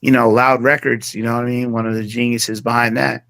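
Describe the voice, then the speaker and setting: A man's voice: mid-range voice, level tone, brisk, creaky, fairly bright tone, no room sound. A man talking casually as an interview guest, rambling with many fillers and restarts. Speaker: interview guest, music producer.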